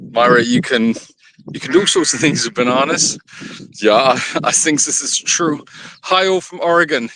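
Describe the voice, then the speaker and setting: Man, live-stream host, rambling casual chat, fairly high voice, bright tone, phone mic outdoors. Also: dry recording, low-quality recording. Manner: chatty and rambling, greets viewers by name. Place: outdoors at an animal sanctuary, walking around. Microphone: phone held in hand.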